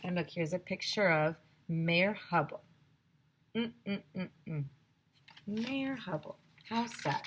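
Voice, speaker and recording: A woman's voice: on the low side, takes it slowly, long pauses, a little hiss or hum. A woman teacher reading a children's chapter book aloud to young listeners, telling it expressively with many voices.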